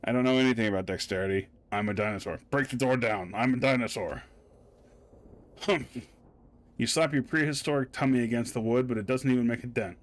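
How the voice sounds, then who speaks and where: A let's play host streams a video game casually, reading the game text aloud and adding playful asides as relaxed gameplay commentary. His mid-range voice moves a little fast, broken by long pauses.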